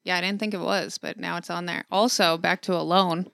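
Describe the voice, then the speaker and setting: Smooth-voiced chatty woman. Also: on the low side, fairly even intonation, a little fast, fairly bright tone, no room sound, studio quality. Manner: chatty, lots of "like", swears freely. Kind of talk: casual chat.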